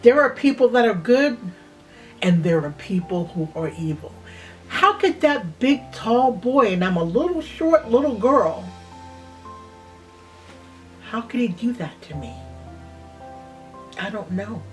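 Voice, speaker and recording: A woman in her sixties slowly telling a personal childhood memory in a reflective way, sometimes dropping to a near-whisper. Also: a little high, sing-song, soft background music. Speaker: host. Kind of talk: personal storytelling.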